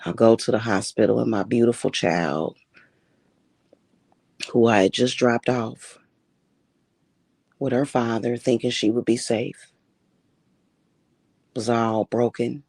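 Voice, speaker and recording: A woman's voice: very deep voice, fairly even intonation, takes it slowly, pauses often, darkish tone, breathy edge, no room sound. A woman hosting a casual livestream as a spiritual reader, telling stories in a blunt, profane and emphatic way.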